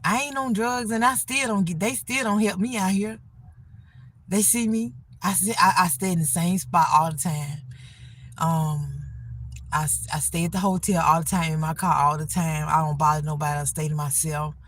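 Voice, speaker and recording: A woman's voice: fairly low pitch, steady tone, normal speed, fairly bright tone. A middle-aged woman talking casually on a phone livestream, rambling earnestly about faith and getting by. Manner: rambling, faith-filled encouragement; plain-spoken, earnest.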